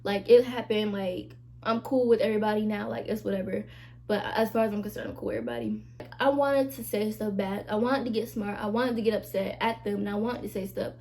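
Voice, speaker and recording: A woman's voice: medium pitch, quick pace, darkish tone. A young woman vlogger talking casually and emphatically to her camera, with plenty of asides to her viewers. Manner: chatty, emphatic, many "like" and "y'all" asides. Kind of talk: casual confessional chat to camera.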